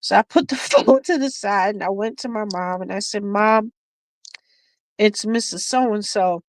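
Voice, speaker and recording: Chatting while she beads on her craft stream, a woman laughs her way through a family story, often starting over. She speaks briskly in a mid-range voice, and the recording is dry and of poor quality.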